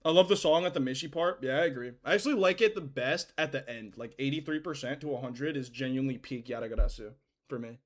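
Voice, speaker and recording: A man's voice: medium pitch, quick pace. A young man casually chatting while livestreaming a game, rambling in slang and swearing freely. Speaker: game streamer.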